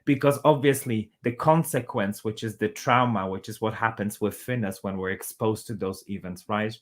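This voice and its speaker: A man's voice: fairly low pitch, normal speed. A man hosting an interview, asking long searching questions with restarts and empathy. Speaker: podcast host.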